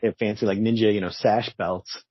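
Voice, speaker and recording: A man's voice: fairly low pitch, fairly even intonation, brisk, no room sound, lo-fi sound. A man co-hosting a casual comic book review show, joking and chuckling as he comments on the story. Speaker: podcast co-host.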